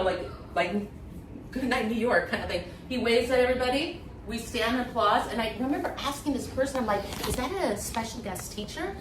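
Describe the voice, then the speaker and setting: A woman's voice: on the high side, a little hiss or hum. Woman telling a story on a podcast, lots of "like"s, doing little voices, sounds kinda far from the mic. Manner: animated, acts out others' voices, many fillers. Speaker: interview guest, former acting student. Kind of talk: candid storytelling in conversation. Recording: echoey room, voice from a distance.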